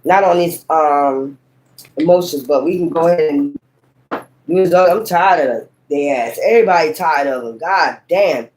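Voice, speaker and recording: This tarot reader has a low, slightly mellow voice and an unhurried pace, captured on a low-quality recording. Speaking casually to camera, she's blunt and heated, rambles with emphasis, swears frequently, and breaks into sudden exclamations.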